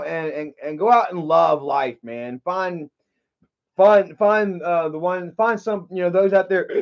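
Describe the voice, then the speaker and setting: Dude rambling on his livestream, cussing a lot, kinda high voice, muffled lo-fi audio. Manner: rambling and profane, heavy use of filler words. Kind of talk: casual livestream chat.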